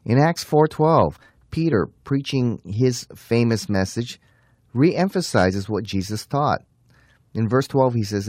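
A man giving an earnest apologetics talk, slowing down to stress key phrases. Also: medium pitch, lively intonation, darkish tone, no room sound, clean studio sound. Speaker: Christian apologist teacher.

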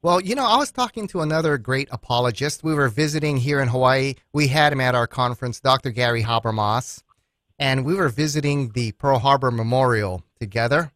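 A man hosting a radio interview with an earnest, steady delivery. His voice sits at a middle pitch. The studio sound is close and dry, with no room around it. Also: fairly quick, no echo. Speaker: radio show host.

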